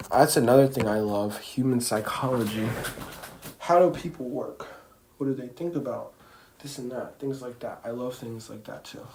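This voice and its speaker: A man's voice: mid-range voice, background noise. Rambling, profane man streaming from his bedroom. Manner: rambling, profane, slangy, makes zooming sound effects. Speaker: livestreamer. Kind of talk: casual livestream monologue. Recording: roomy echo.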